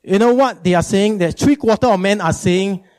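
A male pastor preaching a sermon, animated and emphatic, often repeating words for effect. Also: normal speed. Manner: animated, emphatic, jumps into high mimicking.

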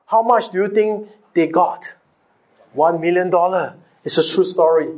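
High-voiced preaching man, rhetorical questions. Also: unhurried, darkish tone. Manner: rhetorical questions and call-and-response with the congregation; repeats key phrases for emphasis. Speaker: pastor. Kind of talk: sermon.

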